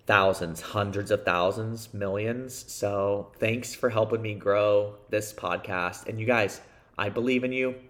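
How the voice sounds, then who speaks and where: A man's voice: lowish voice, a bit bright. Earnest upbeat male podcast host. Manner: upbeat, earnest, repeats phrases for emphasis; swears casually. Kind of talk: motivational solo podcast monologue.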